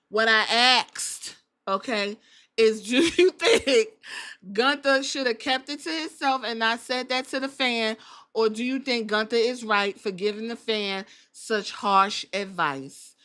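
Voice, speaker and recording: Blunt, bright-voiced woman podcast host. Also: fairly high pitch. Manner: blunt, profane, joking. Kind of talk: casual commentary podcast. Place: Columbus.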